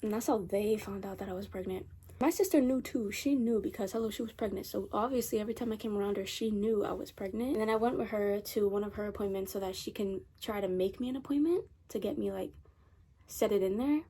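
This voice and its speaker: A woman's voice: medium pitch, quick pace, mellow, husky. A teenage girl chatting casually in a rambling storytime vlog, repeating herself as she goes. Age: teens. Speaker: vlogger. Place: bedroom at night.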